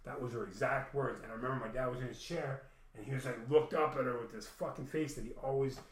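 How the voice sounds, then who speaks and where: A man's voice: mid-range voice, steady tone, quick pace, reverberant, low-quality recording. A man rambling through an emotional personal story, repeating himself and swearing often.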